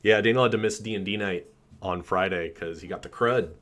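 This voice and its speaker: A man hosting a casual live stream, chatting and greeting viewers by name, his voice a little rough. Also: low-pitched, a little fast, fairly bright tone. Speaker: channel host.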